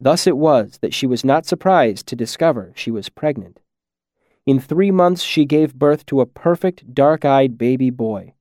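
Man narrating a fable, even and measured, mid-pitched, bone-dry close mic. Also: no echo. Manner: measured, steady storytelling. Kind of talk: storybook narration.

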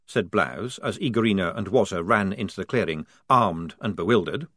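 A man narrating a novel as an audiobook in an expressive, varied storytelling manner. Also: deep voice, normal speed, hardly any pauses, no room sound, clean studio sound. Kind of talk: scripted narration.

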